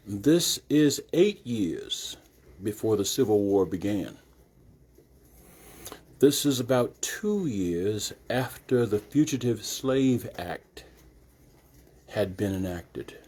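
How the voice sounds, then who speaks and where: An older man, a reverend, speaks to a gallery audience before a reading. He talks slowly and deliberately, setting things up step by step. His voice is mellow and dark. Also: medium pitch. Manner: measured, deliberate, explanatory. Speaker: reverend and retired judge introducing a reading. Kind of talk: live introduction to an audience.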